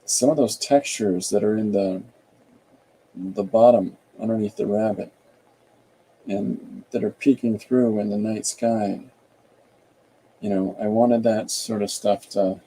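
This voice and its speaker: Gravelly low-voiced man thinking aloud. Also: unhurried, pauses often, poor audio. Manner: thinking aloud, rambling and relaxed; reads viewer comments aloud. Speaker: artist and podcast host. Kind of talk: casual livestream chat while drawing.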